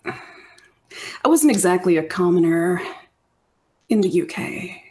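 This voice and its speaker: A woman's voice: on the low side, expressive, a little slow, warm tone. A woman playing a tabletop role-playing game, answering in character in a hesitant, evasive way that often trails off. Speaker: player.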